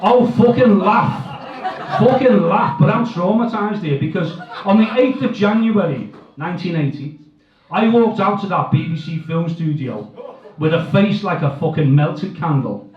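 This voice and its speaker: A man's voice: a little high, expressive, normal speed, crowd noise. A middle-aged man doing a crude, self-mocking stand-up set full of swearing. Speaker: stand-up comedian. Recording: echoey, distant, dull live sound.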